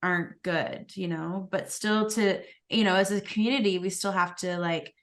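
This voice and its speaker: A woman's voice: mid-range voice, steady tone, moderate pace. A woman co-hosting a podcast, chatting loosely with lots of fillers and trailing thoughts. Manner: loose and rambling, full of fillers like "you know" and "like". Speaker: podcast co-host. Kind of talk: casual chat.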